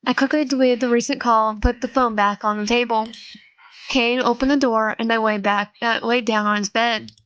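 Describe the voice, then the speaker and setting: A woman reading a visual novel aloud, slowly, with frequent slips and self-corrections. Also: fairly high pitch, steady tone, fairly bright tone, clear, resonant tone, no room sound, dull audio. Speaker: let's play narrator.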